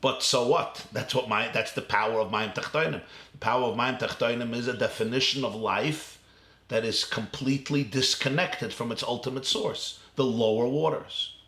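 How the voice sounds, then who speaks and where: A rabbi giving a lively Torah lecture with an Ashkenazi Yeshivish accent, laughing often and acting out voices in dialogue. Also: male voice, mid-range voice, moderate pace, reverberant. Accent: Yeshivish, Ashkenazi Hebrew pronunciation.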